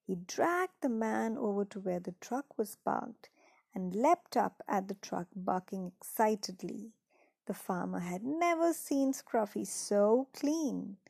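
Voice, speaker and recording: A woman reading a children's story aloud in a gentle, unhurried way, dropping into soft whispered asides. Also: mid-range voice, animated, gravelly, slightly rough, no echo.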